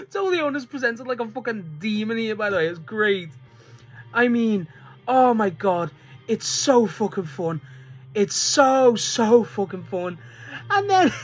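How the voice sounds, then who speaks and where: Casual male reviewer, excitable and profane, laughs through his sentences, rambles with restarts. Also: extremely high pitch. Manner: excitable, swears often, laughs mid-sentence; rambling, full of restarts and filler. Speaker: wrestling reviewer. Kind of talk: casual spoken show review.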